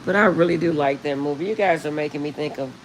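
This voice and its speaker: A middle-aged woman chatting casually with live viewers on her phone, rambling warmly and laughing often. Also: low-pitched, fast talker, a little hiss or hum, low-quality recording. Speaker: livestream host.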